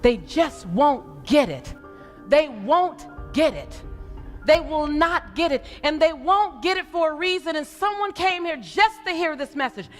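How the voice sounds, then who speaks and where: A woman's voice: sits high, animated, unhurried, faint music behind. A woman giving a passionate motivational speech to a live audience, with preaching emphasis that swells and drops. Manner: preaching, rising and falling emphasis. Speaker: motivational speaker.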